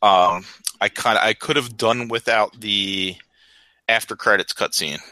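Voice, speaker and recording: Very bright, dry-sounding man. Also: fairly low pitch, a little slow, no room sound, poor audio. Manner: relaxed, many ums and uhs. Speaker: podcast co-host. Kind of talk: casual chat over a video call.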